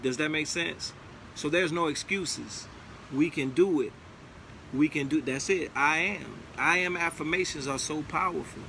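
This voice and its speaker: Guy doing a motivational pep talk, bright voice, repeats himself a lot, slight hiss behind. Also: on the high side, a little slow, vocal fry. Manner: repetitive, preachy, emphatic. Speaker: motivational speaker.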